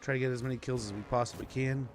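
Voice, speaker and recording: A man chats casually while he streams a strategy game, rambling through stories with plenty of fillers. His voice sits at a middle pitch, with faint noise in the background. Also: steady tone, racing. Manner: rambling storyteller with many fillers. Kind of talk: casual gameplay commentary.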